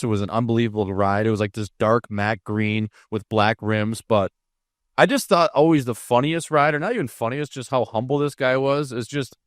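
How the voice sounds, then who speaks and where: A man's voice: mid-range voice, no echo, clean studio sound. A man co-hosting a hockey podcast, telling easygoing, rambling stories about teammates. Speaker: podcast co-host, former hockey player. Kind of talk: casual chat.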